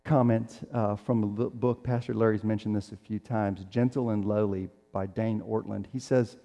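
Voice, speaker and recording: A man's voice: on the low side, fairly even intonation, moderate pace, vocal fry, warm tone. A middle-aged man preaching a sermon in a conversational way, acting out the quotes he tells. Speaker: pastor. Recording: long reverb of a large hall.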